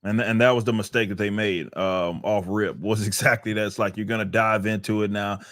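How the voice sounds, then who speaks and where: A man chats on a podcast in a loose, rambling way, often agreeing and laughing. His voice is fairly low and the sound is dry and close. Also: fairly even intonation, fairly quick, a bit bright, dry recording. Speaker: podcast co-host. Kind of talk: casual podcast chat.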